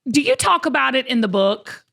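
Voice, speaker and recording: A woman's voice: high-pitched, sing-song, a little fast, creaky, fairly bright tone. A woman in her fifties hosting an interview, chatty and full of restarts. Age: 50s. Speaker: podcast host. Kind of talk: interview conversation.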